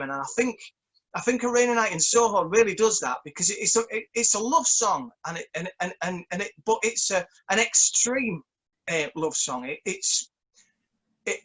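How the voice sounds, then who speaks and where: A man with a high, bright voice, talking as a songwriter guest in an easygoing interview. He stumbles and repeats words while he gathers his thoughts. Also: rough recording. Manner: stammering, repeats words often. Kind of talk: casual interview chat.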